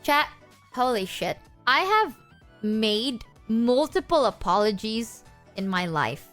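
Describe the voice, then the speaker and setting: A woman's voice: fairly high pitch, very animated, slow pace, fairly bright tone, faint music behind. A young adult woman streamer talking candidly to her chat, swearing freely and joking at her own expense. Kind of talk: casual livestream chat.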